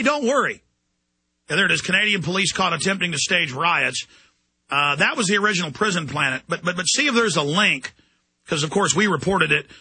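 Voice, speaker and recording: A male talk radio host rants hard into a studio mic. His voice sits high, with a husky edge. The sound is very dry and close. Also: dry recording. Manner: forceful, ranting, mocks others in put-on voices. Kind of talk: ranting call-in radio talk.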